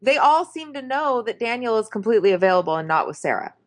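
A woman co-hosting a casual chat, expressive and chatty, acting out quotes in a raised voice. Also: fairly high pitch, fast talker.

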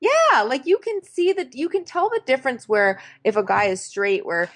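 Woman, casual chat, lively pitch, expressive, chatty. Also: normal speed. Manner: expressive, chatty, acts out quotes in a raised voice.

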